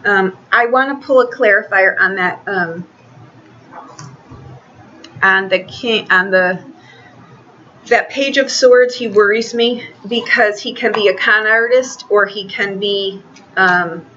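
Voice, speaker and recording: Bright-voiced woman reading tarot. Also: mid-range voice, dull audio, slight background noise. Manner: chatty, halting, many restarts. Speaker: tarot reader.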